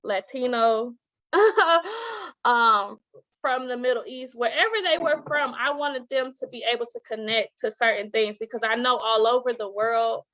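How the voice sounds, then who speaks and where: A woman, a teacher and author, talking as an interview guest, telling stories with lively acted-out quotes and frequent laughter. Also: a little high, unhurried, muffled recording. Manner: animated storytelling, acts out quoted voices, laughs often. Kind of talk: casual interview talk.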